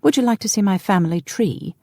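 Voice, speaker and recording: A woman voicing a cold, commanding English lord who speaks in curt, hushed orders. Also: mid-range voice, expressive, fairly quick, no echo, studio quality, voice pushed up.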